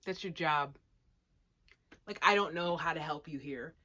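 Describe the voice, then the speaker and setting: Low-pitched yet bright and forceful, her unhurried voice carries a casual anime episode review. The young woman is slangy and sarcastic, giggling in asides, in a room at home with plushies.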